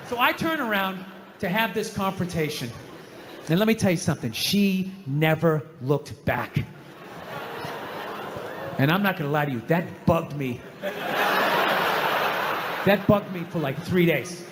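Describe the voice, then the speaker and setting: Man, stand-up comedian, ranting, swearing, high voice, roomy echo. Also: moderate pace, noisy background. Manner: ranting, swearing, self-mocking. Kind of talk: stand-up routine. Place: large theater stage. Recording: echoey hall, faint ambience.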